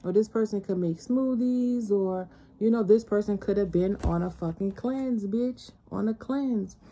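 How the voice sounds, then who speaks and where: List: woman, tarot reader, casual reading, blunt and profane, rambling, husky, mellow voice. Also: medium pitch, measured pace.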